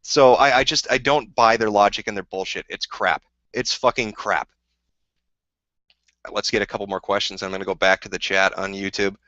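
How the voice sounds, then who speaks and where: A man's voice: lowish voice, steady tone, normal speed, pushed and bright, dry recording, highs cut off. A man hosting a livestream, ranting heatedly and swearing constantly while answering chat questions. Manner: profane, combative, heated. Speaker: livestream host.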